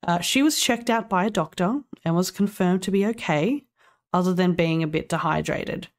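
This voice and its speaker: Aussie woman podcast host telling a story, chill, swears a bit. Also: lowish voice. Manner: swears casually, laughs while telling the story. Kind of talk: casual storytelling chat.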